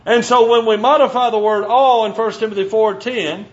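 A male preacher giving a sermon, teaching from scripture and slowing down to stress key phrases. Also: sits high, fairly even intonation, dull audio. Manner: emphatic, slows down to stress scripture.

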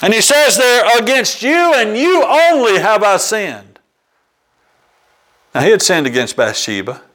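A man preaches a sermon with earnest conviction, citing scripture by chapter and verse and leaning on homely examples, with the occasional um. His voice is medium-pitched and slightly bright, and the recording quality is low.

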